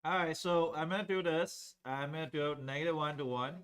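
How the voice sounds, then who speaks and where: At a whiteboard, a man teaches a calculus class in a fairly high, fairly quick voice with a bright, clean tone. He walks through the steps conversationally and often checks whether students are following.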